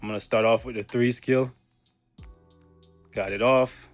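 A young man giving casual, slangy commentary over his own gameplay, joking and breaking into loud laughs. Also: medium pitch, fairly even intonation, unhurried, faint music behind. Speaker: gaming channel host.

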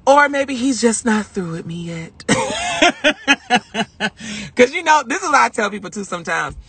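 A man chatting casually on a livestream, emphatic and animated, repeating phrases for effect as he tells a spiritual story. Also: very high voice, moderate pace, husky. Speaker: vlogger.

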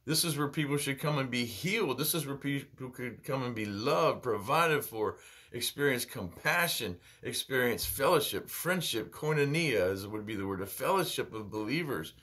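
A Bible teacher voicing an exasperated, grieving man who pleads with the people around him, his voice lifted higher than his usual talk. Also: expressive, normal speed, fairly bright tone.

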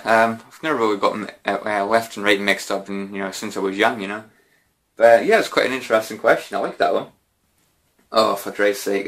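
A man chats through viewer questions in a relaxed, meandering way. His voice sits fairly low yet sounds bright and forceful, and he keeps padding his answers with "you know" and casual swearing. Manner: rambling, lots of "you know" and mild swearing. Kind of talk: casual Q&A chat.

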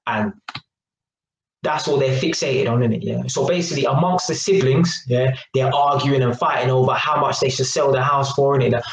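A man giving a rambling, emphatic opinion monologue and tagging his points with quick questions. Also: medium pitch, reverberant, slight background noise, low-quality recording. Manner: rambling and emphatic, tags lines with "yeah?" and "innit". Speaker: YouTuber.

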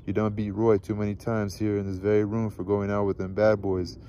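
A man reading a novel aloud, voicing a calm, firm mother who speaks with steady insistence. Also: fairly low pitch, a little fast, a little hiss or hum, close to an everyday voice. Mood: heated.

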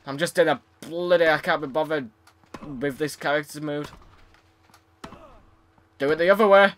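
A man's voice: a little high, normal speed, a bit bright, slight background noise. A young man commentating his tennis game, frustrated, swearing and sarcastic. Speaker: gaming YouTuber. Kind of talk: let's play commentary.

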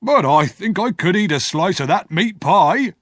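A man's voice: sits high, expressive, moderate pace, fairly bright tone, no echo, clean studio sound, voice pushed up. A man reading a story aloud and voicing a fat, pompous, greedy older man in a hearty, self-satisfied tone.

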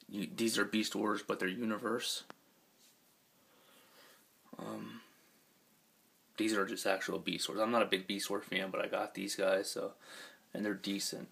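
A man with a scratchy, hoarse voice gives a laid-back, rambling tour of his collection at home, with many ums and casual swearing. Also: on the low side, level tone, slow, pauses often, fairly bright tone. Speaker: collector giving a room tour.

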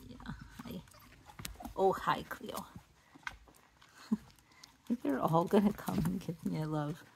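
A woman's voice: slow pace, creaky, long pauses, a little mellow, a little hiss or hum. A woman dog breeder chatting casually on her vlog while showing her puppies in their indoor pen, cooing at them now and then. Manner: chatty, coos at the puppies in a high baby voice.

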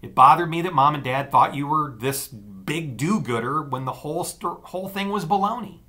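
A cutting, sarcastic teenage girl from an audiobook, as a male narrator puts her on, her voice pitched well up and bright. She speaks with a forceful edge and a lively, swooping delivery. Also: moderate pace. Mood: earnest. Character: angry scornful teenage girl, the narrator's sister. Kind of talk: audiobook dialogue.

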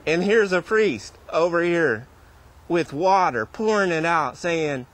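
A man's voice: high voice, animated, moderate pace, fairly bright tone. A male pastor giving a sermon in a church, retelling scripture in a casual, conversational way.

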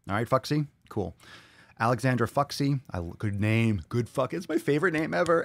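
A man hosting a podcast in a casual monologue, excitable and profane, often repeating phrases. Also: medium pitch, fast, no room sound. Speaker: podcast host.

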